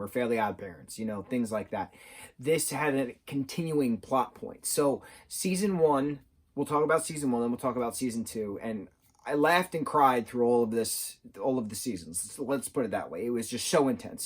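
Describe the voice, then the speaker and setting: A man giving a casual, enthusiastic review of an animated series, rambling with fillers and correcting himself as he goes. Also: mid-range voice. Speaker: show reviewer.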